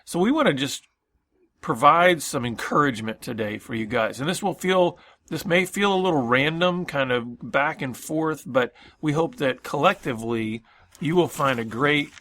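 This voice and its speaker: Thoughtful guy co-hosting faith radio, kinda tense bright tone. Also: a little high, expressive, moderate pace, no echo. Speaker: radio co-host. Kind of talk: earnest faith radio discussion.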